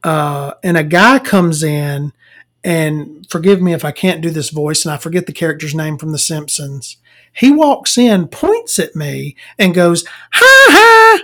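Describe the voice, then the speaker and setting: A woman's voice: low voice, a little slow. A woman, telling blunt, profane work stories to camera in a casual rant. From Southern United States. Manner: profane, blunt, laughing storyteller. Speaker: vlogger.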